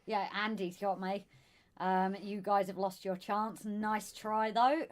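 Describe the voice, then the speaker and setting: A woman with a Southern English accent co-hosting a casual live stream, greeting viewers by name and calling them darling. Her voice is going hoarse. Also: mid-range voice, steady tone, slow. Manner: chatty, calls viewers darling and sweetheart. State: losing her voice. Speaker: live stream co-host reading chat.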